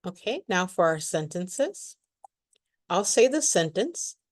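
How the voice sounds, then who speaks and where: A woman giving a pronunciation lesson in a lowish voice. She speaks slowly and carefully, saying each word clearly so learners can repeat after her. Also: sing-song. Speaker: English pronunciation teacher.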